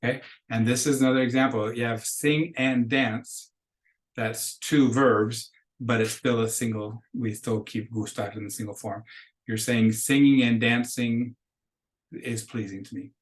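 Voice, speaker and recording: Guy teaching intro spanish, patient, goes step by step, mid pitch. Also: steady tone, measured pace, rough recording. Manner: patient, explains step by step, models phrases for repetition. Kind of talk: recorded classroom lecture.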